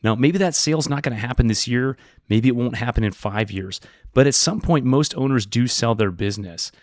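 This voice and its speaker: A man's voice: mid-range voice, brisk, no echo, studio quality. A man working as a business broker, presenting an explainer video in a direct, upbeat teaching tone.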